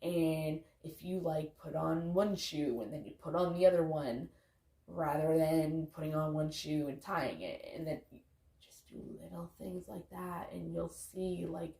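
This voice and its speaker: A woman's voice: low voice, unhurried, vocal fry, dark tone, echoey room. A woman giving loose, candid motivational talk to her viewers, casually swearing and saying "like" a lot. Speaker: vlogger, parent.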